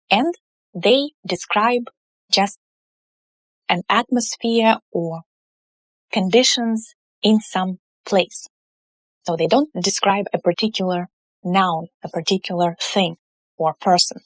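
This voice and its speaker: Slow, careful Russian-accented woman teacher. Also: medium pitch, fairly bright tone, dry recording. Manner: slow, careful explanations with drawn-out example words. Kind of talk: online language lesson.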